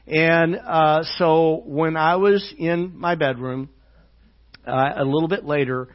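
A man preaching a sermon as pastor, halting with many fillers and dropping soft and slow on tender lines. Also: a little high. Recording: dull lo-fi church audio.

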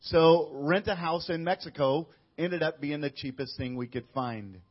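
A man with a fairly high-pitched voice tells a story on a podcast, acting out what each person said. The audio sounds dull and lo-fi. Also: normal speed. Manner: tells stories, acting out quoted dialogue. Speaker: missionary guest. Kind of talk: casual interview storytelling.

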